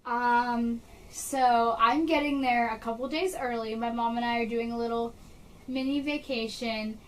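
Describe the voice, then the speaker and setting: A young woman in her bedroom chatting excitedly to camera for her vlog channel. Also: a little high, measured pace, recorded from a distance, poor audio. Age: young adult. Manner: bubbly, excited, gushing. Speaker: vlogger. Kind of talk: casual chat to camera.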